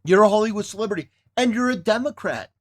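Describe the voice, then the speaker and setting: A man's voice: high voice, lively intonation, fast talker. A man reacting to clips with scornful, sarcastic commentary. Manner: scornful and sarcastic, insulting, mock cheering. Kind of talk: mocking commentary.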